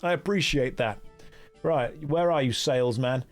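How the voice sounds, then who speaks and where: A British man with a medium-pitched voice talks at a normal speed over soft background music. While streaming a game, he reads its dialogue aloud and drops wry, joking asides to his chat in casual live commentary.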